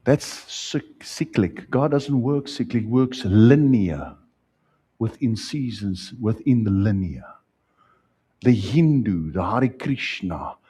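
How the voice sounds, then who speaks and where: A South African pastor delivers his sermon in a husky, mellow voice. He climbs loud and high on key points, then falls back to quiet, low asides. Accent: South African English. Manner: preaching with wide swings, rising loud then dropping soft.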